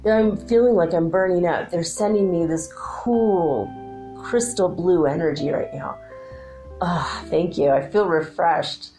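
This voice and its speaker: A woman's voice: on the low side, measured pace, mellow, faint music behind. A middle-aged woman hosting a spiritual talk show, chatty and rambling, laughing often. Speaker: spiritual channeler and show host.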